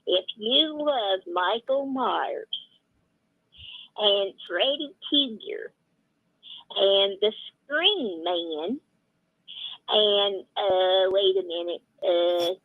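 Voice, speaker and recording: A woman's voice: medium pitch, lively intonation, extremely slow, pauses often, dry recording. Giggly woman on a phone line. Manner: giggly, stumbles over words. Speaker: caller. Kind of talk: casual chat on the phone.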